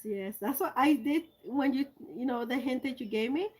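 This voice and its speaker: A woman chatting casually as she unboxes gifts for her video, gushing and excitable, swinging between loud squeals and soft, hushed thanks. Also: high-pitched, moderate pace, hardly any pauses, background noise. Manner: gushing and excitable, many exclamations. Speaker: art vlogger.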